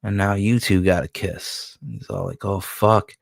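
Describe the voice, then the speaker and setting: A man, a comic book creator, casually walking through his own comic in loose, profane, excitable commentary. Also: on the low side, normal speed, gravelly, no room sound, studio quality.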